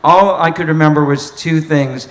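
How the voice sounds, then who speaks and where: A man, a saxophone player, telling an animated story at a live Q&A and laughing as he goes. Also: a little high, normal speed. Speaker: saxophonist guest.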